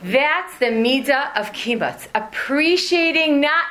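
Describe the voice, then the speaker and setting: Woman teaching a lively class. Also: sits high, a little slow, hardly any pauses. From United States. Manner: humorous storytelling, animated, many asides. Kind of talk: religious lesson to an audience.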